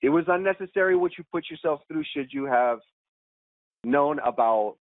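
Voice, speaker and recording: An animated man tells a story on a podcast, tossing in "dude" and "bro" as he goes. His voice sits a little high for a man. It comes through a tinny, phone-like line with a dry sound. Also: moderate pace, no room sound. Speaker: actor and podcast guest.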